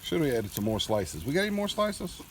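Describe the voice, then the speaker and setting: A middle-aged father hosts a casual outdoor cooking vlog at a grill, joking and chatting folksily with his kids. His mid-range voice is very animated and a little fast, with slight hiss or hum in the recording.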